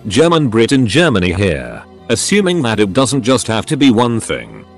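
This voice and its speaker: A male narrator with a lowish voice reads forum posts in steady scripted narration. His intonation moves up and down a lot, and he spells abbreviations out letter by letter. Soft music plays faintly behind him. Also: normal speed. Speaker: narrator reading online posts.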